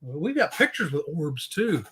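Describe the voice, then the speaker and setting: A man's voice: on the high side, big pitch swings, normal speed, crowd noise. A man co-hosting a live chat, joking and greeting viewers by name. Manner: playful, jokey, laughs often, greets viewers by name. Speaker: livestream co-host.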